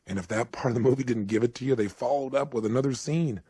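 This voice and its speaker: A man giving a motivational speech, retelling a story dramatically, swinging from hushed to urgent. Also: mid-range voice, quick pace, slightly rough, no echo, clean studio sound. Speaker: motivational speaker.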